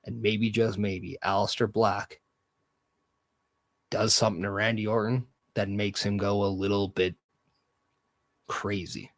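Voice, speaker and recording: A man's voice: on the low side, a little slow, pauses often, no room sound. A man hosting a solo podcast, talking casually and with energy, giving strong opinions as he goes. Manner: energetic, opinionated, loose fantasy-booking talk. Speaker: podcast host.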